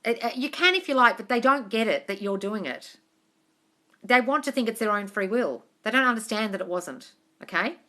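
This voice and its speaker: A bright, fairly high Australian woman answers viewers' questions in a casual live chat. She talks bluntly, swears freely and keeps calling her listeners darling. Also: expressive, normal speed. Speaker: manifesting coach on a live stream.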